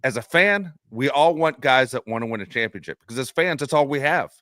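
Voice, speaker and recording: A man co-hosting a sports fan podcast, telling animated stories in a casual chat and laughing often. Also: mid-range voice, fast, no room sound, studio quality. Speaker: podcast co-host.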